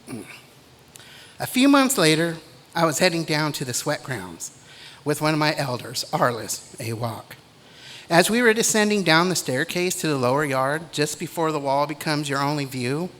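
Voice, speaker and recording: A middle-aged man giving a commencement speech in a measured, deliberate way, with pauses between phrases. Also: a little high, lively intonation, fairly bright tone. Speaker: commencement speaker.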